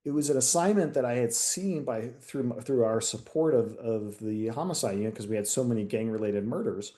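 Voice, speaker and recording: A man's voice: medium pitch, fairly quick. A retired detective sergeant from the United States, a man, telling a candid story in a casual interview and acting out the dialogue. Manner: candid, animated storyteller who acts out quoted dialogue.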